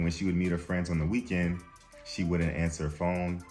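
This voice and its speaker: A man's voice: deep voice, a little fast, a little mellow, soft background music. A young man hosting a vlog, telling a story casually and acting out what people said, now and then laughing at his own story. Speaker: vlog host.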